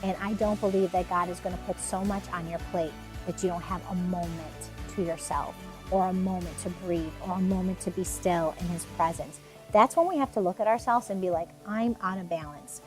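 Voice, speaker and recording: A woman's voice: on the low side, fairly quick, over music. Earnest woman giving a daily devotional. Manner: earnest, conversational, repeats words for emphasis. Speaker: devotional host. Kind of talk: devotional talk.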